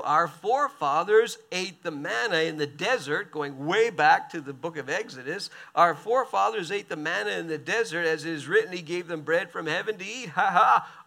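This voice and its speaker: A man preaching a sermon, reading scripture aloud and breaking in with quick, animated asides. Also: high-pitched, creaky. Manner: animated, quick asides between read passages.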